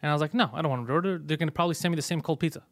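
A man hosting a casual comedy podcast, telling a story in an animated way and swearing a lot. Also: a little high, very fast, no echo. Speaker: podcast host.

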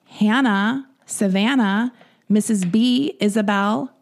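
A woman co-hosting a podcast in casual chat, rambling and giggly, her voice a little gruff from the morning. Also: medium pitch, takes it slowly. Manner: giggly, rambling, swears freely. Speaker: podcast co-host.

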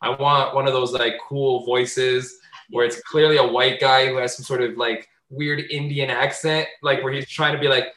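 A man talking casually on a podcast, animated and swearing freely, often jumping into loud high voices to act out bits. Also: moderate pace, roomy sound, poor audio. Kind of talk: casual chat.

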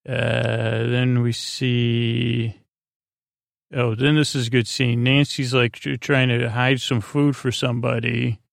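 In a flat, gravelly, medium-pitched voice, a man speaks slowly on a clean, echo-free studio recording. He hosts a podcast and gives a meandering episode recap full of fillers and restarts, meant for listeners to fall asleep to.

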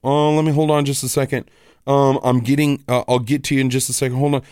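A man's voice: mid-range voice, little pitch movement, fast talker, darkish tone, smooth, dry recording, clean studio sound, lightly acted. A man imitating a flustered woman phone support agent who keeps asking a caller to hold. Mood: hurried.

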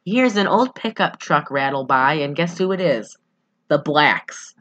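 A woman's voice: sits low, animated, unhurried, fairly bright tone, muffled recording. A young woman from southern Michigan with a Midwestern accent, rambling through a casual movie recap with lots of fillers and giggles. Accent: Midwestern American. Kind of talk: casual chat.

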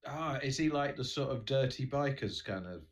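A man's voice: mid-range voice, lively intonation, normal speed. A man with a British accent co-hosting a podcast in casual chat, playful and mock-serious. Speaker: podcast co-host.

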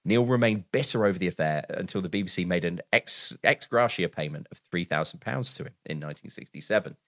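Male podcast co-host, lowish animated voice, dry close sound, wry reader of notes. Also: quick pace, no echo. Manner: reads film background aloud with wry asides and frequent laughs. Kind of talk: casual film podcast chat, reading notes aloud.

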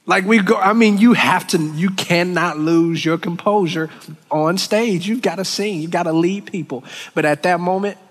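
Earnest guy preaching, kinda high voice, long church echo. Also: a bit bright. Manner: earnest, emotional, halting with restarts. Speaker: worship leader. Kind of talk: sermon. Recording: long church hall reverb.

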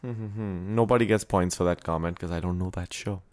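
A man's voice: deep voice, a little fast. A man from India co-hosting a podcast, chatting casually and playfully. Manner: animated, playful with points game. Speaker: podcast co-host. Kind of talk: casual chat.

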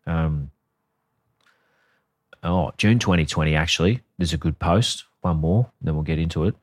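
A man's voice: a bass voice, normal speed, long pauses, no room sound, clean studio sound. A man hosting a casual comedy podcast, sweary and sardonic as he tells a story. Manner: sweary, sardonic storytelling, reading quotes aloud. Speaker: podcast co-host.

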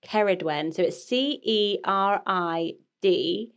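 A woman's voice: mid-range voice, normal speed. Giggly chatty woman co-host. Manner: giggly, chatty, trails off mid-sentence. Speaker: podcast co-host. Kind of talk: casual chat.

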